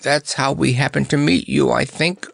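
A man's voice: mid-range voice, steady tone, normal speed, gravelly, pitched above the performer's own voice. A man voicing a brave male clown in a storybook, speaking in a jokey, slightly shaky way. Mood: brave joking.

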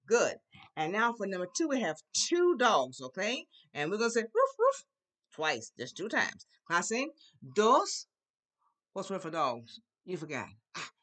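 A woman teaching a Spanish class to young children, leading songs and call-and-response in a lively, sing-song way. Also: lowish voice. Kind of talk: children's language lesson.

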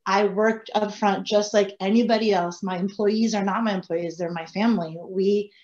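A woman who owns a family restaurant, telling animated stories on a video-call panel. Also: medium pitch, moderate pace, muffled recording. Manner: animated, chatty storytelling. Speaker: restaurant owner. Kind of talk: panel discussion.

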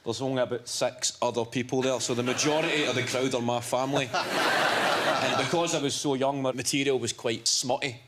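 A Scottish man in his twenties tells stories in a dry, deadpan way, his voice sitting in an ordinary middle pitch. Heavy noise sits under the studio recording. The audience laughs along. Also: fairly quick. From Scotland. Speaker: comedian guest. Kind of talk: chat show anecdotes. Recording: loud background noise.

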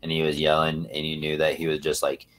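A man with a remarkably deep, low voice hosts a casual livestream, chatting straight to his viewers. He rambles and swears freely, circling back on his thoughts as he goes. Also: monotone, brisk, fairly bright tone. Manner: rambling, profane, talks to chat. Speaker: livestream host.

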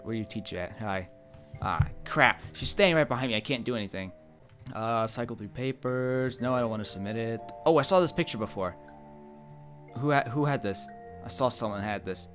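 A man doing let's play commentary, goofy, excitable and self-deprecating. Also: medium pitch, fairly quick, soft background music. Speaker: gaming YouTuber.

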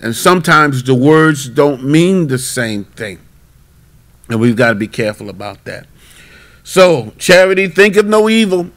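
A man, a bishop, teaching a midweek Bible class and telling a story in a lively, emphatic way. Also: a little high, a little slow.

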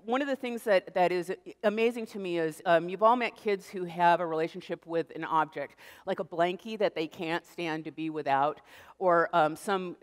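A middle-aged American woman giving a lively public lecture, telling stories and acting out little voices. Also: on the low side, moderate pace. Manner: animated storytelling, acts out voices. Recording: reverberant lecture hall.

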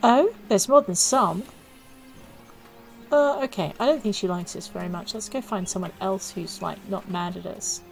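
A woman's voice: lowish voice, expressive, fairly quick, gravelly, few pauses, darkish tone, faint music behind, poor audio. A woman giving casual, self-mocking commentary while playing a video game, thinking aloud as she goes. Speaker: let's play gamer.

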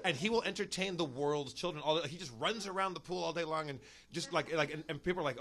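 Bright, animated male storyteller. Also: fairly high pitch, fast, few pauses. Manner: animated, acts out quotes. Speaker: podcast guest. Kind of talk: casual storytelling.

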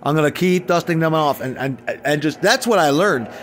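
High-voiced man on a swearing rant. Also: fairly quick, slight background noise. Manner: swearing, swings from low mutter to loud outbursts. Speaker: vlogger. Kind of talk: angry profane rant.

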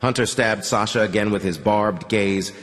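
A man narrating a novel in an audiobook with an expressive reading. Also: lowish voice, moderate pace, big-room sound. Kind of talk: scripted narration.

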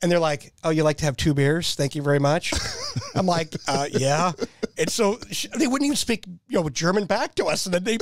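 A man in his fifties telling animated stories in casual conversation, laughing often and acting out the voices of people he quotes. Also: on the high side, no echo, clean studio sound. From Nebraska. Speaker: podcast guest, military veteran. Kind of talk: casual storytelling.

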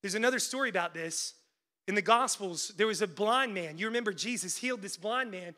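A male pastor preaching a sermon, swinging between loud, urgent peaks and hushed lows, with casual "like" asides and calls to the congregation. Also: a little fast. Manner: conversational asides with frequent "like" fillers.

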